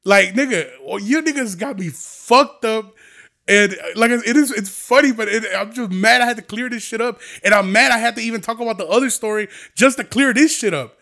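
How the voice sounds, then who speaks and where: High, bright-voiced man ranting profanely. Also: brisk, vocal fry. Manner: profane, heated and rambling. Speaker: podcast host. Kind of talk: casual ranting monologue.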